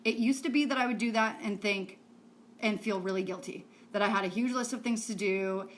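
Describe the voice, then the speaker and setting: A woman's voice: medium pitch, fairly quick, slight background noise. A woman who is a self-help coach, teaching in a chatty, rambling way to camera, swearing casually now and then.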